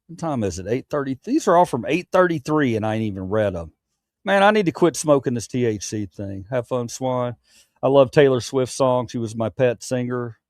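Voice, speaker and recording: A man's voice: mid-range voice, animated, moderate pace, no echo, studio quality. A grown man hosting his own late-night livestream, chatting candidly with viewers, rambling and stammering through restarts with casual swearing. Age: adult, past his youth. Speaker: livestream host.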